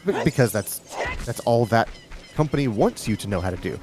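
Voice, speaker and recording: A man's voice: medium pitch, lively intonation, fairly quick. A man hosting a live stream, chatting casually and telling rambling stories with quoted asides. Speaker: stream host. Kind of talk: casual chat while gaming. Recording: game music behind voice. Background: game music.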